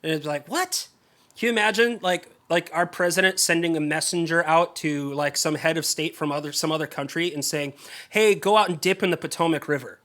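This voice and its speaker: A man preaching a sermon, telling the story in a casual, lively way and acting out the characters' voices. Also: a little high, brisk. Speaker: pastor.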